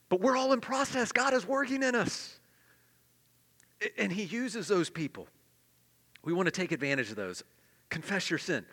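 Preaching man in a reverberant hall. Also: on the high side. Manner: swings between loud emphatic peaks and hushed confessional asides. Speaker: pastor. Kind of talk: sermon.

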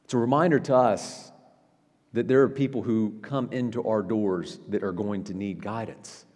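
A man preaching as a pastor in a church, talking in a conversational way with frequent "right?" asides and quick restarts. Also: fairly low pitch, a little mellow, long reverb tail. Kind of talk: sermon. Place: church sanctuary.

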